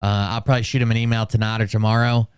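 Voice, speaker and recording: A man talks through casual stream commentary in a sardonic tone and swears freely. His voice is smooth and clear, recorded dry on a close mic. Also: on the low side, level tone, racing, no room sound.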